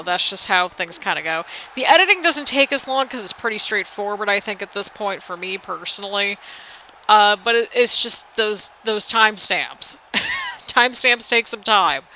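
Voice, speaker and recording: A woman's voice: mid-range voice, pushed and bright, a little hiss or hum, rough recording. A young woman, a little tired, chatting in a rambling, sing-songy way as she commentates a wrestling video game for her channel. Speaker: gaming channel host.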